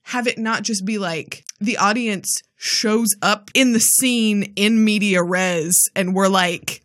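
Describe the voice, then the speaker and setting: A woman co-hosts a casual podcast in a mid-range voice. She is animated and quick to laugh, and she acts out quotes as she talks. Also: mid-range voice. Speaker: podcast co-host. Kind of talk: casual chat.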